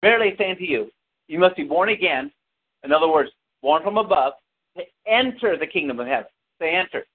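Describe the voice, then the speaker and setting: High-voiced preaching man, tinny sound. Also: animated, a little fast. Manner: preaching with call-and-response to the congregation. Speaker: pastor. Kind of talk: sermon. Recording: tinny lo-fi with hiss.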